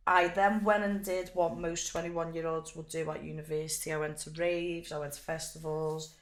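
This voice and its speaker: A young woman tells stories in a gravelly, fry-edged voice. She talks with animated, unfiltered energy and swears freely. The room around her sounds echoey. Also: sits low, moderate pace. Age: young adult. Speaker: guest fighter. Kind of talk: casual interview chat.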